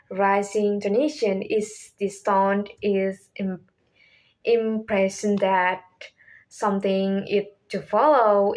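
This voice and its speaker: Young woman student presenter, slightly high voice, very unhurried, halting phrasing. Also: a little mellow. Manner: deliberate, halting non-native English phrasing. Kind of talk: classroom presentation on intonation.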